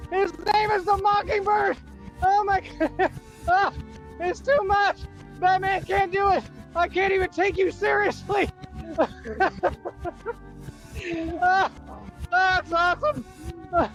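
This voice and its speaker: A man's voice: extremely high pitch, fairly bright tone, poor audio. A man calling himself a real-life superhero, laughing hard, boasting and taunting in streetwise slang. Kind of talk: livestream rant.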